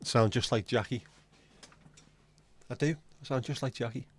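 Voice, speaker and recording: A man's voice: medium pitch, fairly even intonation, normal speed. A man hosting a casual livestream, chatting to viewers with crude, self-mocking jokes. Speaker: livestream host.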